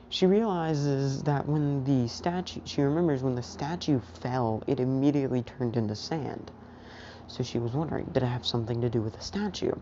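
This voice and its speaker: A woman's voice: very deep voice, moderate pace, mellow. A woman casually narrating a fan what-if story, rambling with many fillers, on a dull lo-fi recording. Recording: dull lo-fi recording with faint hiss.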